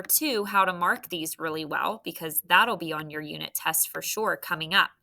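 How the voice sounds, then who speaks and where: Casting: young woman, third grade teacher, slow encouraging phonics delivery, bright tone. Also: mid-range voice. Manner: slow, encouraging, spells out letters. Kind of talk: phonics lesson to young students.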